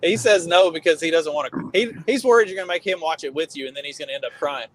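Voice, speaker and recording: Middle-aged male podcast co-host, lively swearing storyteller, voice sits a bit high. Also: fast, a little hiss or hum, poor audio. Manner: animated storyteller, swearing freely. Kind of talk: casual chat.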